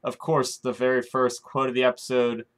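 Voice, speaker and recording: A man talks casually to his viewers as host of his own weekly recap show. He speculates freely and keeps calling out "guys" between points. His voice sits at an average pitch. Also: monotone, moderate pace. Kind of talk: casual chat to the camera.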